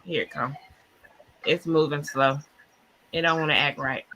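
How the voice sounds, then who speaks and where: A woman hosting a podcast live online, talking in an excited, churchy, casual way, often laughing and saying y'all. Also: deep voice, a little slow. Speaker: podcast host. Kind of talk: casual live-stream chat.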